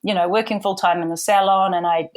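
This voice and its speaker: A woman's voice: medium pitch, fairly even intonation, fast talker. A middle-aged woman, a hair and makeup artist telling stories as a guest in a casual interview, chatty with many "you know" fillers. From New Zealand.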